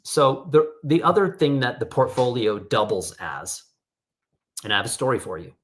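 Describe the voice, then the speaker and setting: A man's voice: mid-range voice, big pitch swings, normal speed, a bit bright. A middle-aged man hosting an online photography workshop over a video call, casually telling stories and acting out the people in them. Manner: casual storytelling, acts out quoted voices. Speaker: workshop host.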